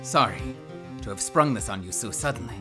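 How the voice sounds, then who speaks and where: A tired magician father, pushed very low and speaking in a subdued, apologetic tone, put on by a woman playing along with a video game. The intonation still rises and falls widely, and game music plays faintly behind him. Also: animated, a little fast. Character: weary middle-aged male magician father. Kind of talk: playthrough voice acting.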